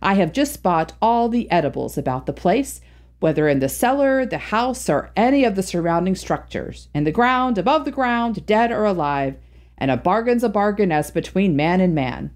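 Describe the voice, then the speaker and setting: A woman reading aloud and voicing a glib young gentleman who talks in an airy, offhand way. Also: medium pitch, lively intonation, normal speed, close to an everyday voice. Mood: breezy.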